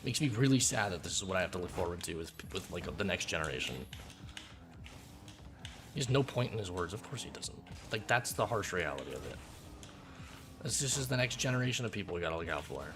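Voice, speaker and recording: A man's voice: deep voice, animated, fast, music in the background. A man streaming a game, ranting angrily at a viewer in a blunt, profane, lecturing way. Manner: lectures in a hammering, repetitive way. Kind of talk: heated rant at a chat viewer.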